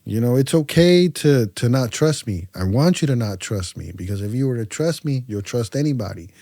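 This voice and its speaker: A man from California's Central Valley, a podcast guest telling stories in a casual way, acting out both sides of his conversations with lively voices and often stumbling over and repeating his words. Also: mid-range voice, normal speed, vocal fry, no echo, studio quality. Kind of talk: casual storytelling.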